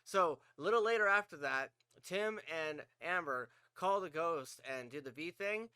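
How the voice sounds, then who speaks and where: A man tells a gaming story on a podcast, rambling and swearing as he goes. His voice is bright and crisp, a little higher than most men's, and he acts out his own panicked shouts. The recording is dry and close. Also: lively intonation, normal speed, no echo. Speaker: podcast host. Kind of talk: casual storytelling chat.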